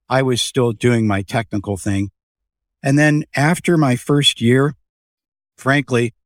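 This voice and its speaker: An older man, a business founder being interviewed, telling stories in a lively way and acting out the people in them. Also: mid-range voice, no echo, clean studio sound. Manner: animated storyteller, acts out voices in anecdotes. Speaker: podcast guest, business founder. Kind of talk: casual storytelling interview.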